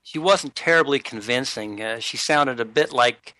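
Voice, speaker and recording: A man's voice: mid-range voice, moderate pace, pushed and bright, no room sound. A man co-hosting a talk radio show, dry and sarcastic, with frequent hesitations. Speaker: radio co-host.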